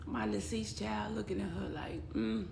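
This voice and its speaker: Gravelly-voiced woman telling her own story. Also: medium pitch, fairly even intonation, normal speed. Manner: blunt and emotional, quotes others in dialogue. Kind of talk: personal storytelling vlog. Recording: echoey room with faint background noise.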